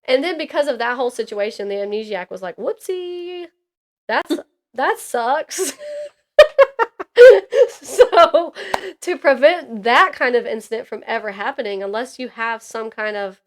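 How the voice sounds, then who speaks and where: A woman co-hosting a casual book podcast, animated and laughing often as she rants about a book. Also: a little high, normal speed. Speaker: podcast co-host.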